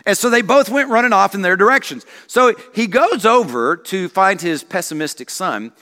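A male senior pastor preaching a sermon, telling stories in an animated way. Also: high voice, moderate pace. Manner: animated storytelling with acted voices. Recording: long reverb of a church hall.

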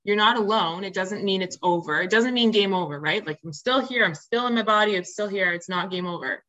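A woman's voice: mid-range voice, a little fast, sharp tone, highs cut off. A woman who is a podcast guest, telling her personal story openly and earnestly, with many fillers and restarts. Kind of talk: candid personal storytelling in interview.

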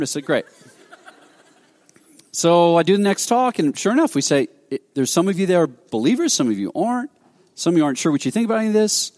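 A man's voice: fairly high pitch, a little mellow, big-room sound. A man preaching a sermon, telling a story animatedly and acting out quoted dialogue with frequent restarts. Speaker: pastor.

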